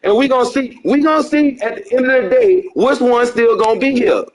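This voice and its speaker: Male preacher, high register, insistent and repetitive, addresses a caller directly. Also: a little fast, low-quality recording.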